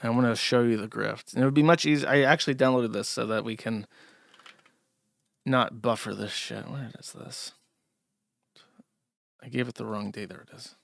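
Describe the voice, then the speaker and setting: Male commentary host, sarcastic and mocking, gravelly fry, dry close sound. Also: medium pitch, steady tone, moderate pace, long pauses, fairly bright tone, no room sound. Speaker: commentary streamer. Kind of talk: livestream commentary.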